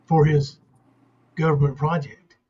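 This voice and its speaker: A man co-hosts a stream and presses his argument earnestly, pointing listeners to each clip. His voice is notably high, and the audio is dull and lo-fi. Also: flat delivery, measured pace, dark tone, breathy edge. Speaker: co-host. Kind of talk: casual commentary on played clips.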